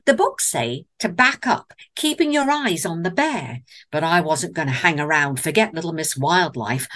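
A woman's voice: low-pitched, very animated, normal speed, a bit bright. A woman with an English accent telling a comic story in a theatrical way, with wry asides. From England.

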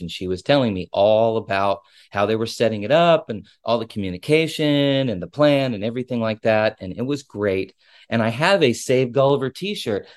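A ship captain telling a personal story in a casual, digressive and openly emotional way. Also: male voice, on the low side, dry recording, studio quality.

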